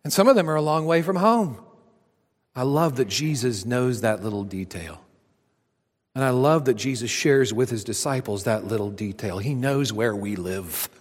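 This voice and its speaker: A man preaching a sermon to a congregation, swinging between loud emphatic lines and hushed near-whispers. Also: medium pitch, lively intonation, normal speed. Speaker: pastor. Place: church auditorium. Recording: long hall reverb.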